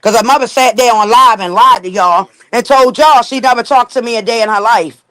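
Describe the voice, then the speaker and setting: A woman's voice: a little high, a little fast, fairly bright tone, dry recording. A young woman in casual gossip chat, blunt and profane, telling stories at length. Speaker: gossip guest.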